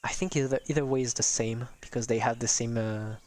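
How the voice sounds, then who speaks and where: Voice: mid-range voice, fairly even intonation, fairly quick, darkish tone. Rambling, hesitant live-stream gamer. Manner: rambling, hesitant, chatty with viewers. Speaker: streamer playing a strategy game. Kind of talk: casual live-stream commentary.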